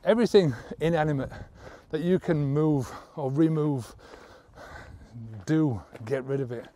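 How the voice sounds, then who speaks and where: This man's voice is a little high, a little slow, and mellow, with no room sound. He's a sobriety coach giving a motivational talk to camera, coaching listeners off drinking with earnest bluntness, casual swearing, and repeated "right?" check-ins.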